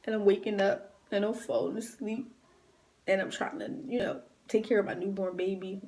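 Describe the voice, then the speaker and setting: A woman's voice: mid-range voice, steady tone, normal speed, warm tone. Grieving woman telling her story. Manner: raw, emotional, conversational retelling. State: grieving, near tears. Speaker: vlogger. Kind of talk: personal storytime.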